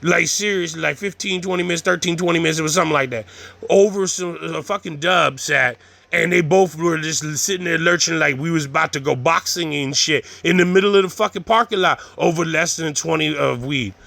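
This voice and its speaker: A man with a fairly high, gravelly voice and a bright, sharp edge tells a loose, animated story. He swears freely and drops slang as he rambles on. The sound is dry and close. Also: brisk, no echo. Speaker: vlogger.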